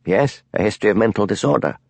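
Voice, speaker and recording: A man reading as a calm, probing village policeman. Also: fairly low pitch, fast talker, vocal fry, no room sound.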